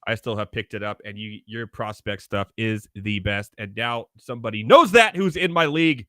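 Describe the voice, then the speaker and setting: Man, podcast host, bright forceful voice, dry close sound, upbeat, laughs a lot. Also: on the low side, normal speed, dry recording. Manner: upbeat, laughs often, plugs the show. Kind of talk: casual podcast chat.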